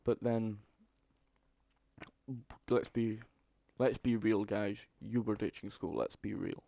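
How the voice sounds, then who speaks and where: A young man telling a story in a casual, profane, animated way, with exasperated asides. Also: on the low side, slow pace, creaky, no room sound. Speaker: vlogger.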